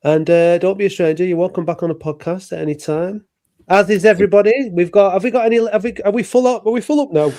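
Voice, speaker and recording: A man's voice: sits high, dark tone. Chatty man hosting. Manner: chatty, halting with many fillers. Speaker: podcast host. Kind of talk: casual chat.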